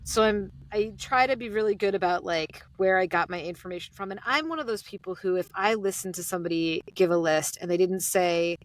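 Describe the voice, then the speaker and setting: A woman with an American accent, chatting casually as an interview guest about her sleep podcast, animated and quoting her own thoughts. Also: lowish voice, brisk, hardly any pauses. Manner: chatty, animated, quotes herself.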